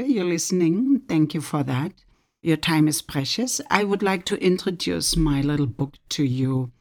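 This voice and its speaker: A middle-aged woman from Germany, introducing her own book with earnest personal storytelling. She often drops into a soft near-whisper. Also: sits low, gravelly. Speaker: author.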